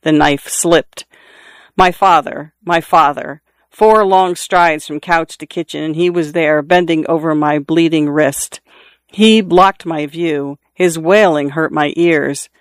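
A man narrating literary fiction in a measured, lyrical way. His voice is smooth and resonant, sitting a touch high, and the recording is close and dry. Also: fairly even intonation, dry recording. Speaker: audiobook narrator. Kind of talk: literary first-person narration.

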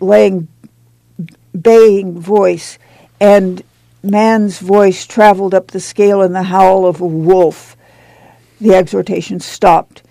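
Audiobook narrator, gravelly and mellow, dry read. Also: medium pitch, no room sound, low-quality recording. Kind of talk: audiobook reading of a novel.

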